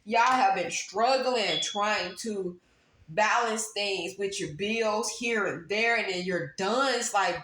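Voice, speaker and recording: A woman's voice: mid-range voice, takes it slowly, a bit bright. Woman giving an emphatic tarot reading. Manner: emphatic, repeats phrases for stress. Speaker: tarot reader. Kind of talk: casual tarot reading to viewers. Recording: roomy echo, faint background noise.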